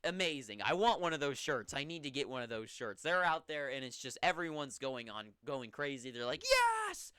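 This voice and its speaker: Young male host for a loose solo recap; rambles offhand, breaks into excited bursts, voice bright and clear. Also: medium pitch, normal speed, hardly any pauses, no room sound, studio quality.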